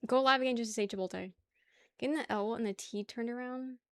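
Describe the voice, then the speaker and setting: A young woman chats casually on her livestream, sliding from one topic to the next, laughing and cursing freely. Her voice sits a little high. The sound is dry and close, with no room around it. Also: quick pace, clear, resonant tone, no room sound. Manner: chatty, swears casually, laughs often. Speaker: livestream host. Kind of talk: casual chat with chat.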